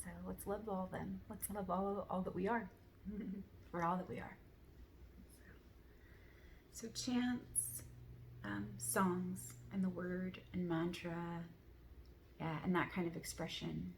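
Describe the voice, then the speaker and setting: A woman speaking in a soft, earnest, rambling way, full of casual fillers, sharing reflections in a relaxed monologue. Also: on the low side, measured pace, vocal fry, slight background noise. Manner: soft, rambling, many "like" fillers, gentle laughs; earnest, affirming. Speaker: spiritual vlogger.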